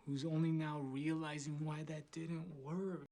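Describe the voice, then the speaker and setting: A man's voice: fairly high pitch, flat delivery, a little slow, mellow. An actor playing a dim but sweet young man in a sitcom, laid-back and slangy. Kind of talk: sitcom acting.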